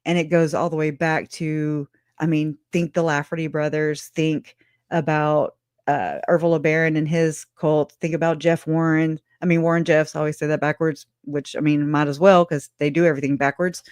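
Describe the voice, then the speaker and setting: A woman's voice: low-pitched, moderate pace, smooth, no echo. Sarcastic, laughing woman streamer, dry sound. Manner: animated, sarcastic, laughs often, swears freely. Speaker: true crime livestream host. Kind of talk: casual livestream commentary.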